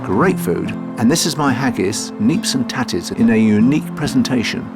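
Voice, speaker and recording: A man's voice: mid-range voice, lively intonation, normal speed, over loud music. A man narrating his own road-trip vlog in a chatty, jokey way, mixing casual remarks with read-out facts. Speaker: travel vlogger.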